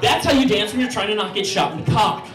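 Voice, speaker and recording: A young stand-up comedian tells an animated, profane story at a quick pace, slipping into voices for the people in it, his voice very high for a man. He sounds distant from the mic, in an echoey club with crowd noise.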